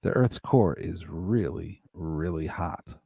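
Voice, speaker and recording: A man's voice: low-pitched, slow pace, creaky, dark tone, slightly rough, no room sound, clean studio sound. A man hosting a casual live stream, reading chat aloud, joking and laughing often. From United States. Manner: laughs often, jokey, plays silly voices for chat.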